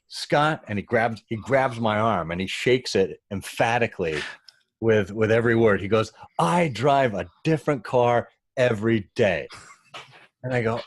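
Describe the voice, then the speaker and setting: A man with a low voice tells a story in casual conversation. He gets animated and acts out the voices of the people in it. The recording is dry and close. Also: normal speed, dry recording. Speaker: guest.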